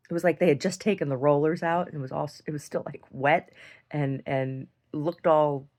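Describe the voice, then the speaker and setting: A woman telling a long story in a casual video diary, rambling, restarting her sentences and laughing often as she talks. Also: low-pitched. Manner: laughs often while talking. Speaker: video diarist.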